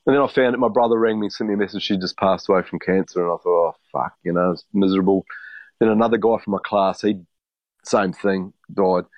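A man's voice: sits low, fast talker, no echo. Rambling fifty-something man, muffled dry audio. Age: 50s. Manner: rambling, swears freely, many restarts. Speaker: podcast co-host. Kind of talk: casual storytelling chat.

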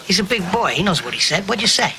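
A volatile mobster who swaggers and then turns coldly menacing. His pitch swings widely, in a film clip with room ambience clearly audible behind him. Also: expressive, quick pace, noisy background. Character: volatile menacing male mobster telling a story. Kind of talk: film scene played on a podcast.

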